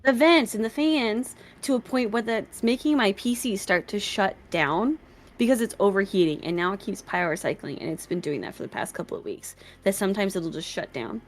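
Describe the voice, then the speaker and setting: A woman's voice: medium pitch, animated, a little fast, soft background music. A woman chatting casually on a live stream about her tabletop game character and her cats, in a bubbly, rambling way.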